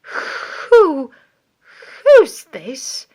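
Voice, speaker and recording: Picture a smooth, inquisitive schemer hiding his aims behind friendly questions, as a woman reads him. Her voice stays bright and slow. It is an audiobook reading. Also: high voice, animated, heavily acted. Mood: inquiring. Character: male villain feigning friendly concern.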